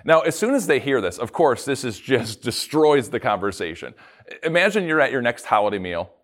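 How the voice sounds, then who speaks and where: Animated pastor, lively storytelling voice. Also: male voice, medium pitch, a little fast. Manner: animated storytelling, playful asides. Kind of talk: casual devotional talk.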